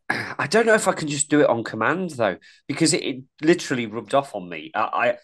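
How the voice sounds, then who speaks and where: A man's voice: medium pitch, sing-song, fairly quick, fairly bright tone. A man from the East Midlands with a mild East Midlands accent, co-hosting a podcast in casual, rambling chat full of restarts. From East Midlands, England. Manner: rambling, many restarts and repeated words. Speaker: podcast co-host.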